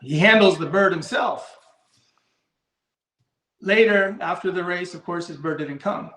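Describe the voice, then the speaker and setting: A man's voice: sits high, a little slow, bright, forceful tone, roomy sound. A man who breeds and handles racing pigeons, talking in a rambling, blunt way, restarting his sentences, in a casual live discussion.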